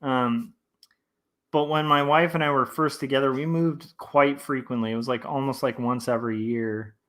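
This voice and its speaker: A man in his thirties talks casually on a livestream while he works on his drawings at home. He rambles in a relaxed, friendly way, with lots of fillers and restarts. His voice sits in an ordinary middle pitch. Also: normal speed. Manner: relaxed and friendly, reads chat aloud. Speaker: comic artist streamer. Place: home studio indoors.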